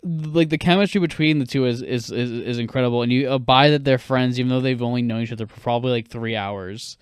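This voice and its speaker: Young male film-podcast host; excitable, profane, smooth clean tone. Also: mid-range voice, dry recording, studio quality. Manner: animated, swears a lot, quick bursts. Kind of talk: casual film chat.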